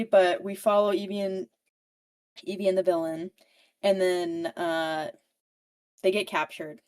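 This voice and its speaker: A woman podcast host giving a casual book recap in a profane, animated storytelling style. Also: fairly low pitch.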